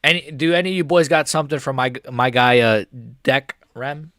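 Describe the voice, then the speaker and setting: A man's voice: mid-range voice, normal speed, fairly bright tone, no echo, studio quality. A man hosting a live stream, reacting to a fight in a casual, rambling, profane way.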